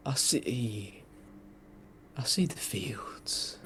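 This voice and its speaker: A man voicing a dying young soldier, faint and breathy. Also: lowish voice, fairly even intonation, extremely slow, slight background noise. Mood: fading. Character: dying young male soldier, weary and frightened.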